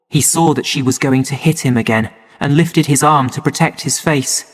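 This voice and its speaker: A man narrating a story for English learners in a slow, clear and measured way. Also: mid-range voice. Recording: long hall reverb.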